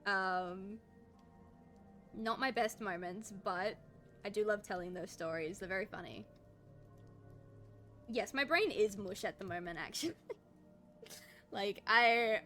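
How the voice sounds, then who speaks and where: A young woman chatting with stream viewers while drawing, an animated storyteller who laughs often and pokes fun at herself. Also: mid-range voice. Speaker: art streamer. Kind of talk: casual chat with stream viewers.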